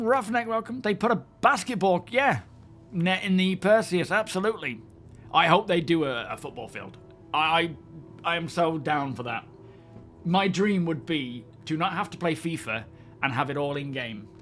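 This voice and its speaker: A man's voice: on the high side, fairly bright tone. A man hosting a live stream, chatting casually and greeting viewers as he rambles.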